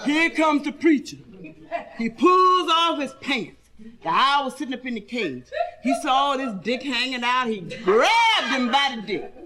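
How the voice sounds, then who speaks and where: Brassy high-voiced woman telling bawdy jokes. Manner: brassy, laughs through her own punchlines. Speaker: comedian. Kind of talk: bawdy stand-up joke telling.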